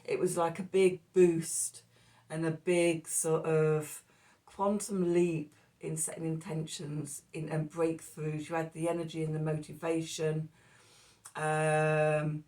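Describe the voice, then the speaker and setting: A woman with a low, unhurried voice talks through the day's astrology and tarot, losing her thread often and filling gaps with ums. A cough keeps catching her, and she sits a little back from the microphone. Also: level tone, dark tone, far from the mic. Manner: rambling, self-interrupting, with fillers. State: coughing, hoarse. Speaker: tarot reader. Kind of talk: casual astrology and tarot talk.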